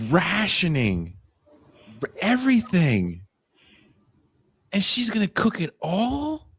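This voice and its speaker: A man's voice: very high-pitched, slightly rough, dry recording. Ranting, swooping Californian man. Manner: animated profane ranting, mock outrage. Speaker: podcast co-host. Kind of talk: casual podcast chat.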